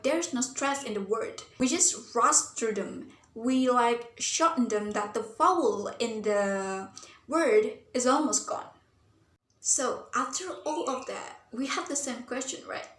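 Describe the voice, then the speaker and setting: A woman's voice: on the high side, a bit bright. A young woman, a university student, gives an explanatory class presentation, earnest and thinking aloud with frequent fillers like "like" and "um". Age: young adult. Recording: roomy echo.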